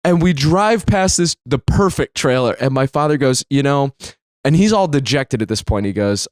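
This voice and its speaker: A young adult man telling a personal story, animated and profane, his voice leaping up when he is exasperated. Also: moderate pace, no room sound, clean studio sound. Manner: animated, swears freely, jumps high when exasperated. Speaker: storyteller host.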